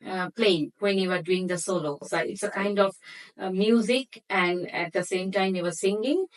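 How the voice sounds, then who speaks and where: A woman hosting an interview who asks long, halting questions and often stops to search for words. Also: medium pitch, low-quality recording. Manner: halting, searching for words, non-native phrasing. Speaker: interview host.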